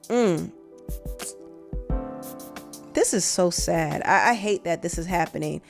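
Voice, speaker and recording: A woman's voice: on the low side, normal speed, long pauses, faint music behind. A woman hosting a celebrity gossip show, talking through the story conversationally and reading out text messages. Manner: conversational, reads out texts aloud. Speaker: host.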